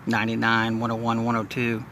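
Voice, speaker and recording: Folksy Southern man, bright voice, outdoors. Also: mid-range voice, completely flat delivery, a little fast, a little hiss or hum. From Southeast Texas. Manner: folksy and rambling, talking to viewers. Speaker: nature vlogger. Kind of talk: casual outdoor vlog narration. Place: outdoors in marsh near a bridge.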